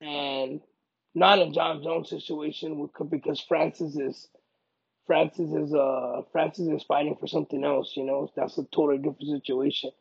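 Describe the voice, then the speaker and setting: A male fighter speaks in a casual interview, hammering his points home by repeating them. His voice is gravelly and husky, and the recording sounds dull and lo-fi. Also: a little high, moderate pace, no room sound. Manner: emphatic, repeats himself, bursts into loud excited quoting. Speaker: UFC fighter being interviewed.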